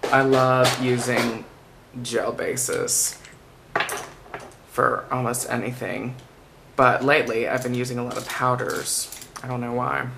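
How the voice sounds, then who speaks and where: A man giving a makeup tutorial in a soft-spoken, chatty and playful way. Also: mid-range voice, fairly even intonation, slow pace, gravelly, long pauses, noisy background. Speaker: makeup vlogger.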